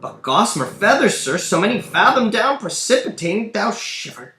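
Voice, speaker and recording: A man doing a young noble posing as a loud rustic peasant, high-pitched and urgent, in a roomy room. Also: sing-song, moderate pace, heavily acted. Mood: urgent, exclaiming. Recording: roomy room, faint background hum.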